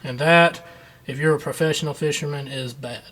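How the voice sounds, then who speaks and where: A man's voice: a little high, fairly even intonation, moderate pace, a bit bright. A man teaching a children's Bible lesson, retelling the story in a folksy, conversational way.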